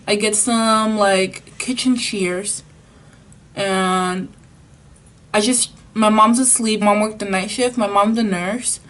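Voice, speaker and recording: A woman's voice: mid-range voice, fairly bright tone. A young adult woman vlogger telling a casual story in a chatty way, full of "like" and the odd Spanish phrase. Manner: chatty, filler-heavy with frequent "like", Spanish phrases.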